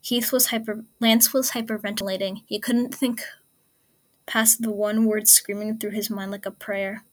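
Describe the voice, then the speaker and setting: A woman narrates a story in a hushed, whispery voice that stays soft and close. Her pitch barely moves, which keeps the delivery flat and even. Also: moderate pace. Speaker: fan fiction reader.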